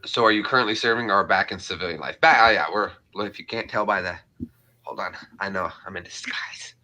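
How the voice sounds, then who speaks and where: Playful, bright-voiced male streamer. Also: low-pitched, fairly quick. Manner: playful, jokey. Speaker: livestream host. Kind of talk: casual chat.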